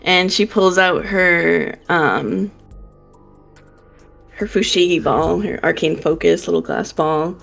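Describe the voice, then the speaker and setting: A woman player describing her character's actions in a tabletop game, relaxed. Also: fairly low pitch, takes it slowly, creaky, soft background music. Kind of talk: playing a tabletop role-playing game.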